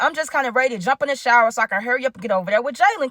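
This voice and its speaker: A woman telling a story in casual storytime style, animated and talking straight to her viewers. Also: high voice, quick pace, few pauses, no echo, studio quality. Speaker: storytime vlogger.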